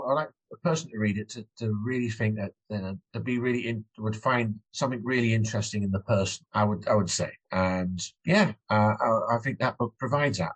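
A man's voice: fairly low pitch, husky, rough recording. A man in his thirties with an English accent, an author chatting in an interview, hesitant with many restarts. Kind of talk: casual interview chat.

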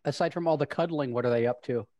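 A woman's voice: very deep voice, fast talker, mellow, no echo, highs cut off. A woman hosting a show and interviewing a guest in a thoughtful way, often restarting with repeated words. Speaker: podcast host. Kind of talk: interview conversation.

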